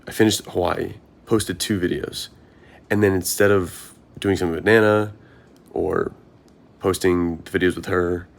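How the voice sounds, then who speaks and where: This young man's voice sits low and carries vocal fry. He's a marathon runner working through his thoughts in an earnest, rambling vlog, regularly stopping to ask himself things.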